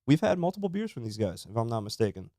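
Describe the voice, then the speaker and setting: A man co-hosting a casual beer-tasting podcast, relaxed and chatty, with plenty of ums and uhs. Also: mid-range voice, quick pace, dry recording, studio quality. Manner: relaxed, chatty, says um and uh often. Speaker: podcast co-host.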